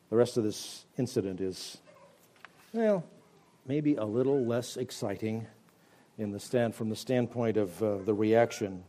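Emphatic radio preacher, mellow man's voice. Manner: emphatic preaching with wide swings from loud stresses to quiet, low endings. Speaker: pastor. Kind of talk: radio Bible teaching.

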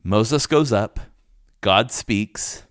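Low-voiced pastor teaching a sermon. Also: male voice, extremely slow, no room sound, clean studio sound. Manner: teaching, explanatory, with restarts and fillers.

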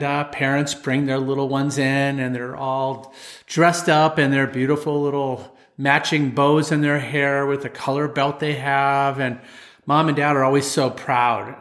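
A man who teaches martial arts, telling a story from his classes in an animated way and acting out the voices in it. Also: medium pitch. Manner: animated storyteller, acts out voices of children and parents. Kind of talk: storytelling talk.

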